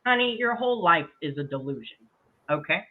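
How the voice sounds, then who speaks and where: A woman's voice: on the low side, animated, brisk. A woman hosting a livestream, arguing heatedly, profane, combative and mocking. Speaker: livestream host. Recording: tinny phone-like line.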